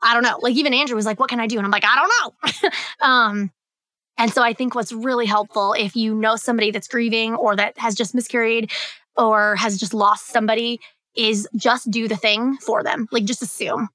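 A woman's voice: fairly high pitch, fairly even intonation, moderate pace, a bit bright, no room sound. A young woman hosting a podcast alone, talking candidly in a loose, chatty way full of "like" and "um". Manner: candid, chatty, filler-heavy. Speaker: podcast host. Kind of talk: solo podcast talk.

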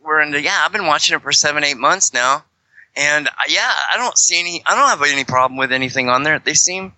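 Chatty man, very bright voice. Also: on the high side, animated, fast, dry recording, rough recording. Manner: rambling, joking, many self-corrections. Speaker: guest, fellow fringe Christian show host. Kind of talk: casual podcast chat.

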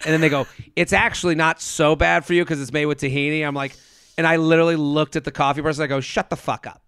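A man's voice: on the high side, little pitch movement, quick pace, fairly bright tone, clean tone, no echo. A man co-hosting a casual chat, telling stories animatedly, acting out quotes and swearing. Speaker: podcast co-host.

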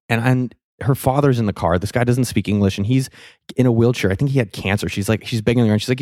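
A young adult man telling a candid, self-mocking story in a casual monologue, swearing freely and turning animated at key moments. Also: mid-range voice, fast, no echo, studio quality. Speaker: vlogger telling a personal money lesson.

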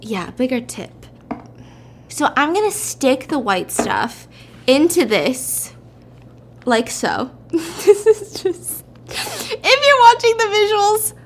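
High-voiced chatty woman telling a story. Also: takes it slowly, pauses often, slight background noise. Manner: chatty, laughs often, animated retelling. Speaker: vlogger. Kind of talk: casual storytelling while cooking.

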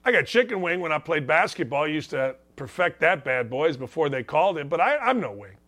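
A middle-aged man delivering an opinionated sports talk monologue in a high voice. His tone is bright and punchy. He wisecracks and hammers each point home by repeating it. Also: brisk. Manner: animated, wisecracking, rants with emphatic repetition. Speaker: sports talk show host.

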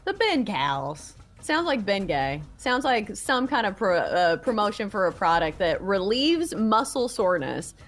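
A woman's voice: mid-range voice, sing-song, moderate pace, hardly any pauses, fairly bright tone, soft background music. A woman with a Southern US accent hosting a casual sports podcast, chatty and playful as she asks the panel questions.

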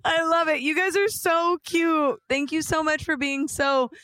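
A woman co-hosts a podcast in loose, casual chat. Her voice sits very high, and she is bubbly and laughs easily. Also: fairly even intonation, a little slow, a bit bright, dry recording. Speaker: podcast co-host.

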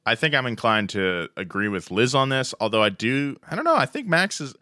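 A man's voice: mid-range voice, sing-song, fairly quick, pushed and bright, no echo, studio quality. A man co-hosting a casual podcast chat, rambling with fillers and asides. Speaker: podcast co-host.

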